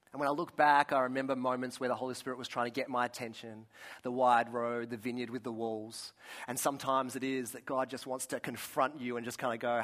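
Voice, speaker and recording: A man gives a sermon, his voice sitting a little higher than most men's. He talks earnestly, tells personal stories and often restarts or adds asides along the way. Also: steady tone, a little fast, fairly bright tone. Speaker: pastor.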